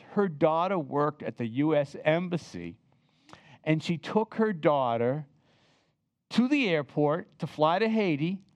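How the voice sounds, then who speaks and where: Animated older man telling a story. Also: high voice, clear, resonant tone, no echo. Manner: animated, chatty, asks the listeners to remember with him. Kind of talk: personal storytelling.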